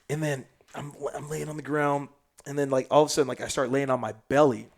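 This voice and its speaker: A man from South Sudan, a podcast guest telling a story in casual chat. He is animated and slangy, and swings between loud bursts and hushed asides. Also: mid-range voice, quick pace.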